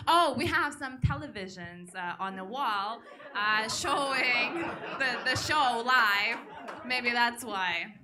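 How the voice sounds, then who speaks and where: A woman hosting a comedy show, reading out donations and teasing the crowd. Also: fairly high pitch. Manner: unhurried, reads donation messages aloud, teasing. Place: comedy club stage.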